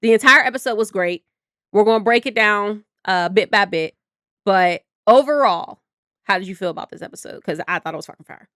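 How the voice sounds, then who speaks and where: A woman co-hosting a reaction show, talking excitedly and casually about a TV episode, swearing now and then. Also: medium pitch, fairly quick, no room sound, clean studio sound. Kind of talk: casual chat reviewing a TV episode.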